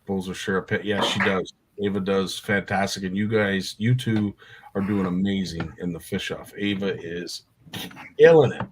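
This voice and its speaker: A man's voice: low-pitched, fairly even intonation, normal speed, background noise. A man hosting a live show, talking in a friendly, encouraging, casual way. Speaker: host.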